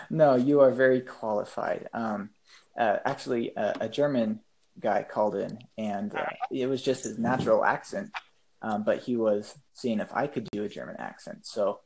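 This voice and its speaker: A man's voice: lowish voice, normal speed, vocal fry, crowd noise, low-quality recording. A man chatting casually as a podcast guest, hesitant and full of ums and uhs. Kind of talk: casual chat.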